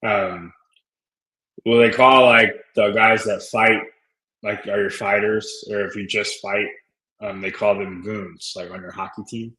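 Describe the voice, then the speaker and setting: A man's voice: fairly low pitch, fairly even intonation, measured pace, sharp tone, roomy sound, low-quality recording. A man co-hosting a podcast, chatting casually and rambling with lots of filler words. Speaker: podcast co-host. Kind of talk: casual chat.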